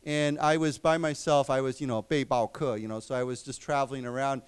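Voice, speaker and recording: A man teaching an English class, explaining words slowly and repeating them. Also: medium pitch, steady tone, smooth. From United States. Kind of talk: lecture. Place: library lecture room.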